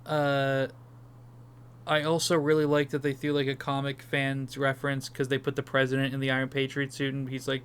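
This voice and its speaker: A man's voice: medium pitch, monotone, normal speed, fairly bright tone, clear, resonant tone. A young man co-hosting a casual movie review podcast, enthusiastic and swearing casually. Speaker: podcast co-host.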